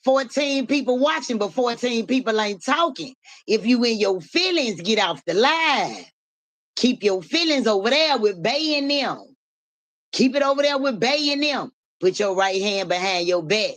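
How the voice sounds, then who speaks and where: A woman's voice: on the high side, animated, moderate pace. A woman hosting a live stream in casual talk, repeating rhythmic, profane hype chants to her viewers.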